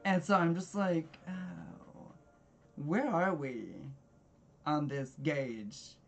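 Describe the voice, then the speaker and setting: Soft background music plays as a let's play gamer in their thirties offers expressive, slow-paced commentary in a mid-range voice. Blunt, forward and quick to laugh, they describe themself as socially awkward.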